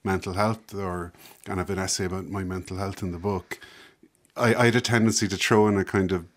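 Low-voiced guy chatting thoughtfully as a guest, lots of little laughs. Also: steady tone, brisk. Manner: reflective, hesitant, laughs often. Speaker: author and guest. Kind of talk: casual conversation.

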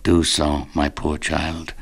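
A tired old priest , as a man reading aloud puts him on, pleads gently in a deep, low voice. He speaks slowly and gravely, with great patience. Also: level tone, heavily acted. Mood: weary, pleading. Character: weary old male priest hearing confession.

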